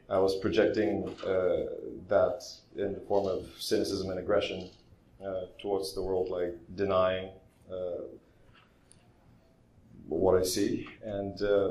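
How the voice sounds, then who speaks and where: A man with a lowish voice gives a relaxed, self-deprecating talk to an audience. He fills his sentences with ums and uhs. The room adds a noticeable echo, with faint ambient noise underneath. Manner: relaxed, self-deprecating, many fillers and restarts. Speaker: guest speaker at an art expo. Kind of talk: casual storytelling presentation.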